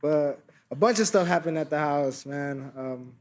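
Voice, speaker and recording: A man, a fighter, telling a funny story at a press conference in a giggly, animated way. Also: fairly high pitch, a little slow, a little hiss or hum.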